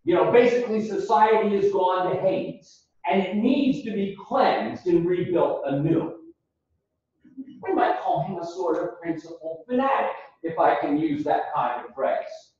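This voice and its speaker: Animated male lecturer in an echoey classroom. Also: high voice, a little slow. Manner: animated, acts out quotes with raised voice. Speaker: ethics lecturer. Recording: distant lo-fi recording in a very echoey classroom.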